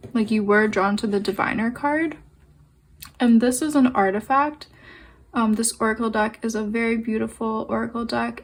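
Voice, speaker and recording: A young adult woman giving a pick-a-card tarot reading, speaking gently and meandering with fillers and pauses. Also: on the high side. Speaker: tarot and oracle card reader.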